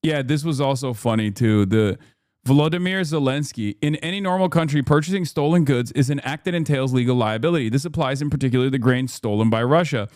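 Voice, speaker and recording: A man streaming casual political commentary, ranting in a profane, animated way with sarcastic asides. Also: medium pitch, a little fast, no echo, clean studio sound.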